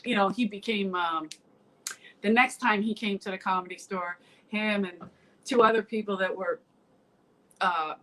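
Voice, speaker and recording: Middle-aged Philly-woman comic, blunt storyteller, acts out the quotes, mid-pitched voice. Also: a little slow, long pauses, bright, forceful tone, poor audio. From South Philadelphia. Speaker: comedian guest. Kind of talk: casual podcast chat, storytelling.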